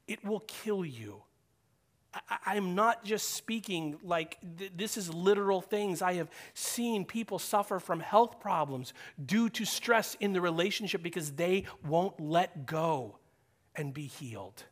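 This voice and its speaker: A man preaching a sermon as a pastor, animated, rising to loud urging and dropping to a hushed near-whisper, acting out quoted voices and putting questions to the room. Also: sits high, measured pace.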